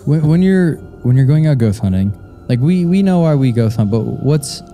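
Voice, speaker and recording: A man's voice: fairly high pitch, lively intonation, moderate pace, warm tone, soft background music. A man hosting a live show, asking his guest long rambling questions and cracking jokes. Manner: joking, rambling questions with restarts.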